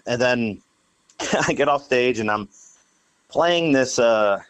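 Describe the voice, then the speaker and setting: A young adult guitarist and studio engineer, guesting on a podcast, rambles through a casual story packed with fillers and "like." His mid-range voice is a bit bright and clean, slow with long pauses, though the recording is low quality.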